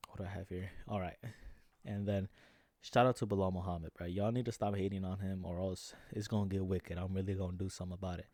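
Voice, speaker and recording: A man's voice: deep voice, little pitch movement, quick pace, darkish tone, dry recording. Frustrated young man ranting about fights. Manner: frustrated ranting, slangy, says "bro" constantly. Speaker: MMA vlogger. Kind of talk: casual reaction commentary.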